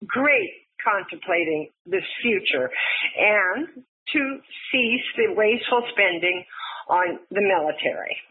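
A woman's voice: medium pitch, husky. Older woman on a tinny phone line. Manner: animated and quick to laugh. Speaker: guest journalist. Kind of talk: storytelling interview answer.

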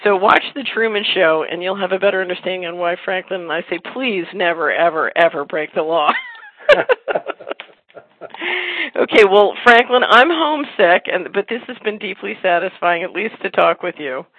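A woman hosting a casual talk show who tells rambling stories in quick bursts and laughs easily. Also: fairly low pitch, animated, no echo. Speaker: podcast host. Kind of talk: casual conversation. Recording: phone-line audio, dry.

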